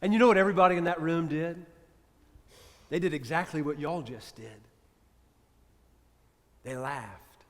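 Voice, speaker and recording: Priest guy preaching, goes loud then real hushed, highish voice, big echoey church. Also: normal speed, long pauses. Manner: dramatic shifts from loud to hushed. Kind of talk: sermon storytelling. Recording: reverberant church hall.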